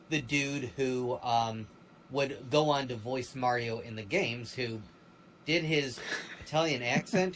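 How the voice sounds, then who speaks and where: A man co-hosting a livestream in casual chat, rambling and animated, with many fillers and restarts. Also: mid-range voice, a little hiss or hum, rough recording. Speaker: stream co-host.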